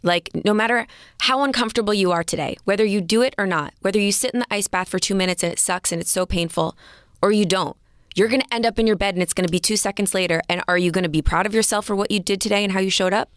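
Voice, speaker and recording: A young woman, a guest on a podcast, telling a story in a lively, animated way. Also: medium pitch, fast talker, clear, resonant tone, no echo, clean studio sound. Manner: lively, animated, acts out her own thoughts. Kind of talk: conversational storytelling.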